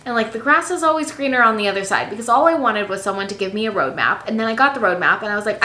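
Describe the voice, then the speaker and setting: A young woman tells a personal story in a lively, expressive vlog style. Her voice is bright and sits a little high. The sound carries a noticeable room echo. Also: fast talker, hardly any pauses. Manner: animated, expressive, acts out quotes. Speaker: business coach vlogger. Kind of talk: casual storytelling to camera. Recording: echoey room.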